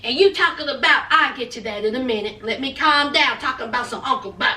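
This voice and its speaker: A woman's voice: high-pitched, quick pace, sharp tone, reverberant, far from the mic. A woman giving sassy, dramatic commentary in a TV recap vlog, full of folksy slang. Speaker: reality TV recap vlogger.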